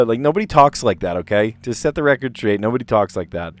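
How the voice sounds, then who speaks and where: A man's voice: mid-range voice, quick pace, no echo. A man from South Jersey with a light South Jersey accent, casually chatting and rambling on a live stream, often cutting himself off mid-sentence. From South Jersey, USA. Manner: rambling, self-interrupting, chatty. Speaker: puzzle streamer host.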